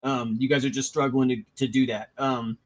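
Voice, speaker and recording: A man's voice: mid-range voice, little pitch movement, moderate pace. A man narrating as game master in a casual tabletop game, rambling with many restarts.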